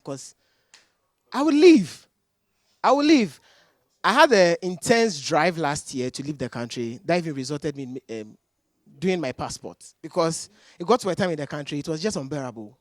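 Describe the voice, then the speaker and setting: A woman's voice: deep voice, animated, a little fast, no room sound, clean studio sound. A young woman, arguing as a guest on a panel debate, emphatic and exasperated, firing rhetorical questions. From Ghana. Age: young adult.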